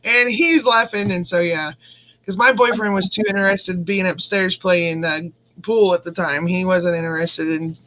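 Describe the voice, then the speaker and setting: A woman's voice: lowish voice, fairly even intonation, normal speed, fairly bright tone, low-quality recording. A woman rambling through a story in casual chat, laughing often as she goes, with a drink in hand.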